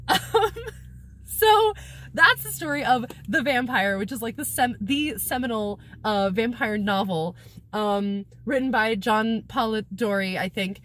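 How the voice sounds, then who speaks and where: High, lively woman recapping a book. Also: measured pace, dry recording. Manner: sarcastic, giggly, swears casually. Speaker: book vlogger. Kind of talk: casual rambling book recap. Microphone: camera mic, talking to a camera viewfinder.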